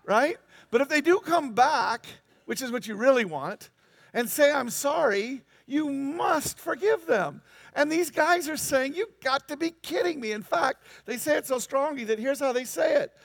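A man preaching a sermon, animated and emphatic, with incredulous asides. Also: extremely high pitch, vocal fry, dry recording. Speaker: pastor.

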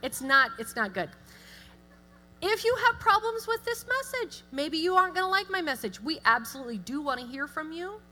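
A middle-aged woman giving a chatty, self-deprecating church talk with animated asides. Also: high-pitched, normal speed. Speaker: guest speaker. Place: church sanctuary. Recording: long hall reverb with music.

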